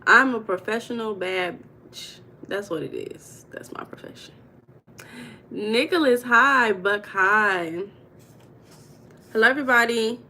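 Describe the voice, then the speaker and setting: A woman with a fairly high voice hosts a casual livestream from home. She greets viewers one by one, chatty and playful, before sliding into coaching talk on money mindset. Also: measured pace, bright, forceful tone. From United States.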